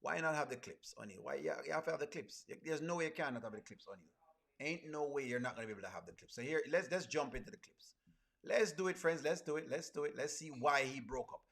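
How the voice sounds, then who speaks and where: Man, livestream host, bright tense voice, playful, laughs a lot. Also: a little high, lively intonation, fast, vocal fry. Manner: playful, laughs often, reads chat aloud. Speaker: reaction streamer. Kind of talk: casual livestream chat.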